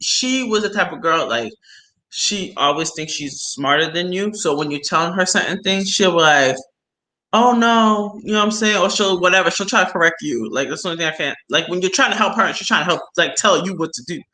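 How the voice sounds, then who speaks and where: Over poor audio, a woman with a lowish voice talks fast while hosting a casual phone livestream. She chats with viewers and tells animated stories packed with slang and laughter.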